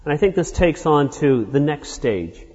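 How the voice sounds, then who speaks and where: A man preaching a sermon, explaining a passage verse by verse in an unhurried way with small hesitations and a husky voice. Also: a little high, animated, a little mellow. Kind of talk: expository sermon. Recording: dull lo-fi sound in a reverberant hall.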